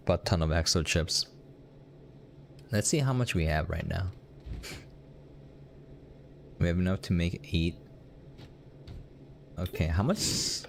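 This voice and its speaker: A man's voice: very deep voice, slight background noise. A young American man chatting casually while live-streaming a game, rambling and laughing often as he answers his chat. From United States.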